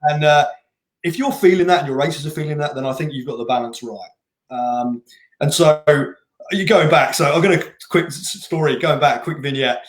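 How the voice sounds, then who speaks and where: A man's voice: a little high, moderate pace. Interview guest, male race director, rambling storyteller, echoey room. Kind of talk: casual interview chat. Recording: roomy echoing room.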